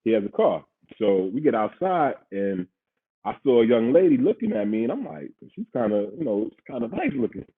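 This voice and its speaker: Heard over a thin, phone-like line, a husky-voiced podcast host with a medium, sing-song pitch talks at normal speed. He's a New York-accented Queens native and ex-pro football player, spinning a story in relaxed slang and laughing a lot.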